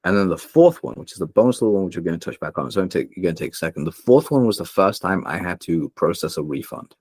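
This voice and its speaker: A man's voice: deep voice, lively intonation, quick pace, a little mellow, slightly rough, no echo, clean studio sound. A young man speaking as a podcast guest, telling candid personal stories in an earnest, emotional way, with many fillers and restarts. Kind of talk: candid personal storytelling in a conversation.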